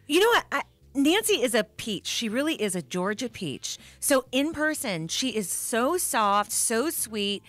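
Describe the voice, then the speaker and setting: A woman's voice: a little high, very animated, unhurried, few pauses, fairly bright tone. A woman chatting as a guest in a radio studio, bubbly, laughing often and acting out what others said. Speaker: guest, morning news anchor and singer. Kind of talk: casual radio interview chat.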